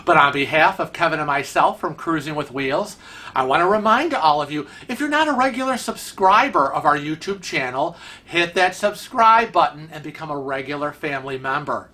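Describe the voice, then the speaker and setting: A man hosts his vlog with a touch of a Rochester, New York accent. His voice is bright and forward, and he rambles from point to point in a chatty, teasing way. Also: a little high, animated, moderate pace. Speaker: vlog host. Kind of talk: casual vlog commentary.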